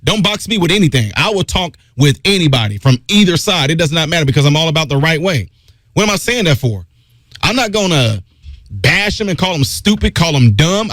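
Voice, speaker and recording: A middle-aged man hosts a talk radio show, giving an emphatic opinion monologue in which his voice drops low and loud to stress points. The recording has no echo.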